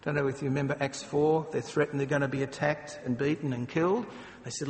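A man's voice: steady tone, brisk. A man preaching a sermon, speaking earnestly and slipping into dramatic acted quotes. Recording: long hall reverb, faint rumble.

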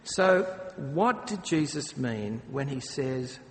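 A man's voice: expressive, slow pace. A man preaching a sermon, speaking earnestly and slipping into dramatic acted quotes. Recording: long hall reverb, faint rumble.

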